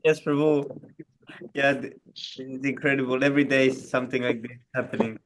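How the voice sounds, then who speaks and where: A man's voice: mid-range voice, fairly even intonation, a bit bright, a little hiss or hum. A man, a fellow devotee, reacting eagerly and laughing easily in a casual chat. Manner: responsive, eager, quick to laugh.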